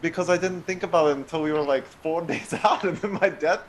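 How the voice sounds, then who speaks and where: A man's voice: on the high side, fairly quick, slight background noise. A man playing in a tabletop game, chatting in a joking, self-deprecating way. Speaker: player. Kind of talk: casual tabletop game chat.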